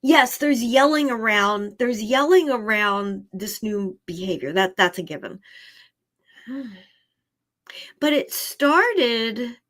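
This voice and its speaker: Lively, chatty woman animal communicator. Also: on the high side, slow, long pauses. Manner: lively, chatty, laughs often, repeats herself. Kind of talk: live-stream reading.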